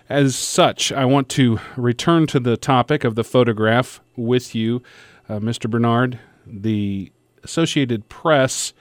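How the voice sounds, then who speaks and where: A man hosting a radio talk show, speaking in a measured, deliberate way with careful pauses. His voice sits at an ordinary middle pitch for a man. The studio sound is dry and close. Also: dry recording. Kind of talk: scripted radio hosting and interviewing. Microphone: studio microphone.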